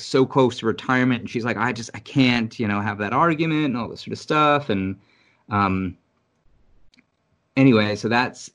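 Man from New York City, lower voice, casual, swears a lot, animated storyteller. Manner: rambling, profane, animated storytelling. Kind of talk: casual conversation. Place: Virginia.

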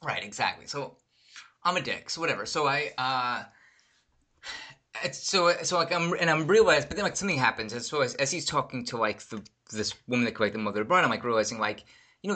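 Bright-voiced man telling a rambling story. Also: medium pitch, fast. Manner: animated, swears a lot, acts out quoted people. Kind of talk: casual profane storytelling.

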